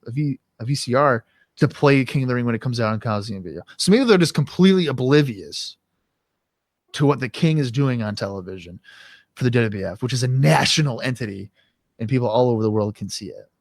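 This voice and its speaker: A man's voice: medium pitch, expressive, a little fast, no echo, studio quality. A man co-hosting a casual podcast, ranting and swearing often as he reviews a wrestling show. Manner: ranting, swears often, acts out quoted voices. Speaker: podcast co-host.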